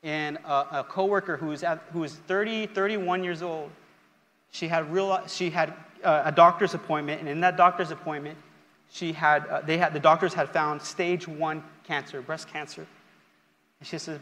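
A man's voice: fairly high pitch, fairly even intonation, moderate pace, bright, forceful tone. A male pastor preaching an impassioned sermon at a live-streamed church service, building up with repeated phrases. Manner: impassioned, repetitive preaching with rising emphasis. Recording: long hall reverb with faint music.

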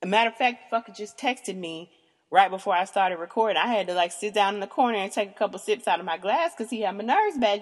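Animated, profane woman host in a reverberant room. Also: medium pitch. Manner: animated, emphatic and profane, calls out to listeners. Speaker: podcast host. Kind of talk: candid storytelling.

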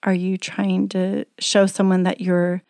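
A woman's voice: on the low side, completely flat delivery, a little slow, darkish tone, no room sound. A middle-aged woman, a single mother, talking earnestly in a chatty, coaching motivational talk. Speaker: self-help speaker.

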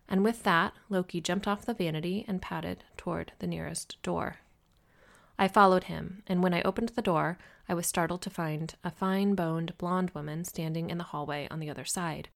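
A woman narrates a novel in the first person with a steady, measured delivery. Her voice sits fairly low and carries a gravelly fry. The reading has a calm audiobook pace.

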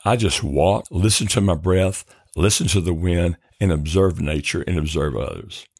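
Male podcast host, very low pitch, dry close-mic sound, calm and earnest counselor giving practical tips. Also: moderate pace, breathy edge, no room sound. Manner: calm, earnest, encouraging advice. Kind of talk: self-help podcast monologue.

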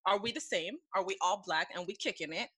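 A woman's voice: mid-range voice, a little fast, pushed and bright, breathy edge, low-quality recording. A woman from the Caribbean hosting a casual podcast chat, talking in an emphatic, opinionated way. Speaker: podcast host.

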